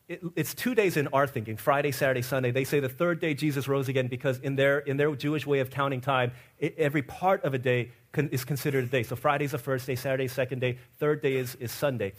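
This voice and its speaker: A man preaching an Easter sermon as pastor, telling stories and acting out the people in them, swinging between loud excited asides and quiet, low passages. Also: brisk. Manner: acts out the people in his stories with lively quoted voices.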